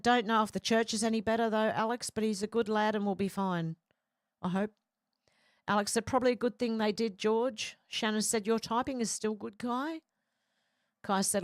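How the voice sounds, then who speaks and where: A woman's voice: mid-range voice, dry recording, clean studio sound. A woman hosting a casual livestream, reading out viewer comments and rambling between them with many fillers and restarts. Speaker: livestream host reading chat.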